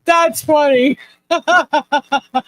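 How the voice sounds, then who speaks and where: Slow-talking woman hosting a chat. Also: high voice, steady tone, fairly bright tone, no room sound, low-quality recording. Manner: laughs often, baffled questions, repeats herself. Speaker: live chat host. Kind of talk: casual live chat reading comments.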